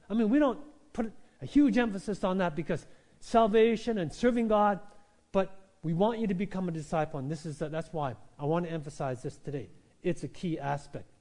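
Emphatic male preacher, lively delivery. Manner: animated preaching, swings from loud emphatic peaks to low quiet asides; conversational, asks the congregation "right?". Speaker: pastor. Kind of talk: sermon. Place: church.

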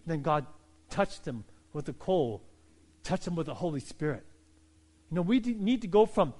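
Pastor, male, middle-aged, high voice; fervent sermon delivery, calm then loud. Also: normal speed, pauses often. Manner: builds from calm teaching to loud, fervent preaching.

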